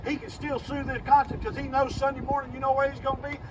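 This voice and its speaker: A man's voice: very high-pitched, level tone, quick pace. A man preaching a sermon, pressing his points in short, repeated phrases. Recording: distant muffled recording with loud engine noise.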